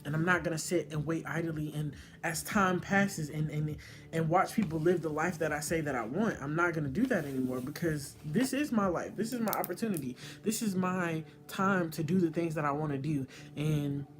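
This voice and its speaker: A man's voice: a little high, moderate pace. A young man talking earnestly and openly in a personal vlog, heartfelt and swearing freely. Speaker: YouTuber. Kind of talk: emotional personal vlog monologue.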